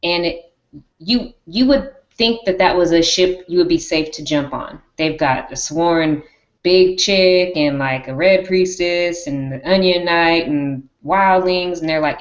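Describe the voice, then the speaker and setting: A woman hosting a casual live-stream discussion on a video call, animated and acting out lines. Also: on the low side, unhurried, echoey room, lo-fi sound. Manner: animated, acts out characters' lines. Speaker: show host.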